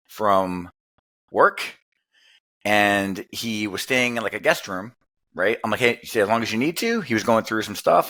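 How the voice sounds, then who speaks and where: A middle-aged man as a podcast guest, talking in a bright, punchy voice. He keeps things playful, teasing and laughing between lines in easy casual chat. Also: on the low side. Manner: joking, playful, laughs often.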